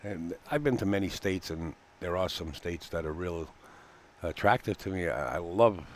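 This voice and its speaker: A man's voice: sits low, animated, normal speed, a little hiss or hum. A man giving live commentary on a pool match, chatty and folksy, with frequent fillers and easy laughter. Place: pool hall commentary booth.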